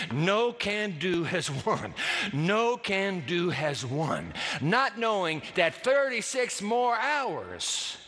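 A man's voice: high-pitched, pushed and bright, long reverb tail. A man preaching a sermon as pastor, with dramatic, emphatic delivery and big swings in his voice.

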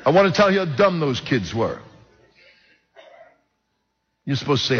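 A man's voice: fairly high pitch, very animated, moderate pace, a little hiss or hum. An older man, preaching a personal testimony and joking with the audience. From Brooklyn, New York. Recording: dull sound with long hall reverb.

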